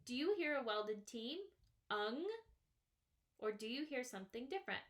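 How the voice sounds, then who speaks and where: A woman's voice: on the high side, lively intonation, normal speed, pauses often. A woman teaching first graders phonics, patiently sounding out and stretching each word part. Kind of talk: slow, clearly sounded-out phonics lesson. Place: classroom or home, writing on a small board.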